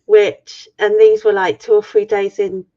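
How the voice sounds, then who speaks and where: A woman's voice: mid-range voice, flat delivery, measured pace, warm tone. A middle-aged woman on a video call, frankly and swearily retelling an ordeal in a personal story. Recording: muffled lo-fi stream audio.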